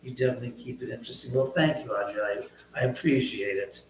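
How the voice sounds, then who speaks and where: A man's voice: medium pitch, steady tone, fast. A middle-aged man hosting a casual livestream from home, telling rambling stories and reading viewer comments aloud. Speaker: livestream host. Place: large echoey room at home. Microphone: laptop mic from a distance. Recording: very echoey, distant, faint hum.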